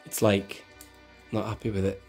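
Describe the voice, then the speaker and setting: Husky-voiced man, chatty. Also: fairly low pitch, little pitch movement, moderate pace, darkish tone, faint music behind. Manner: chatty, rambling, self-correcting. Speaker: toy collector channel host. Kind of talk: casual hands-on toy tutorial.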